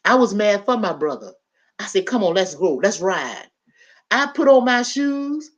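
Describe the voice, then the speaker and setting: A woman, a panel guest telling a story in casual chat and acting out the loud parts. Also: mid-range voice, moderate pace. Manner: animated, builds to loud acted-out quotes.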